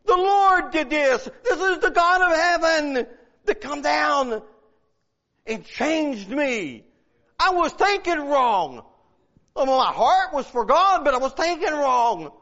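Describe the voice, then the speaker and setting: A man's voice: very high voice, very animated, slow, bright, forceful tone. A man preaching a fervent sermon, reading scripture aloud and pleading in prayer. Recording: dull lo-fi recording.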